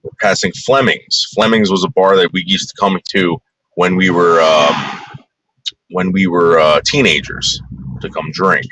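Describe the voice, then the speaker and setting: A man from the New York area with a very low voice that still cuts through with a bright, forceful edge. He narrates a casual tour in a blunt, rambling, crude way, like a vlogger talking to his viewers. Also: fairly even intonation, a little slow, dry recording, rough recording.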